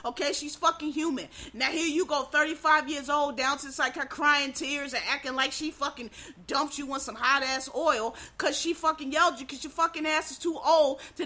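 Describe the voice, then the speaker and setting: A woman delivers a heated monologue with a bright, sharp edge to her voice that sits a little high. She swears freely, trips over quick restarts, and keeps pushing up into loud, exasperated bursts. Her talk is blunt and unfiltered throughout. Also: steady tone. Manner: frequent restarts and stammered repeats. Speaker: vlogger. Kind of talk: profane ranting monologue.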